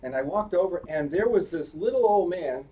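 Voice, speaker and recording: Speaking in a high-pitched, expressive voice with a dark tone, this man in his eighties, a cantor, keeps a moderate pace. He spins a playful, chatty story for the congregation at a synagogue service, quizzing the children along the way, heard through distant live-stream audio with faint background noise.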